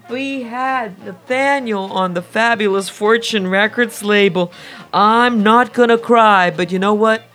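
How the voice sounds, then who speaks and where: A woman presenting records on a radio music show, talking with enthusiastic, gushing, drawn-out emphasis. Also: mid-range voice, fairly bright tone.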